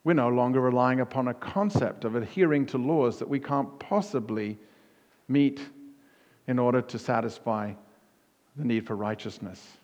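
Man, pastor, sermon, emphatic repetition, mid-pitched voice, long hall reverb. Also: normal speed, muffled recording. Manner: emphatic, punchy repetition, rising to near-shouts on key words. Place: church hall.

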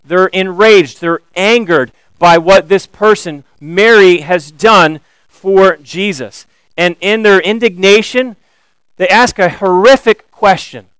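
A man preaching a sermon, animated and building to emphatic questions. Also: high voice, slow pace, clean tone, dry recording, rough recording. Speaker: pastor.

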